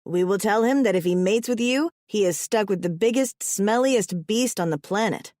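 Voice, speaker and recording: A woman reading an audiobook, voicing a serious male alien hunter, the big brother, in a grave, measured manner. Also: mid-range voice, lively intonation, darkish tone, dry recording, studio quality, natural voice.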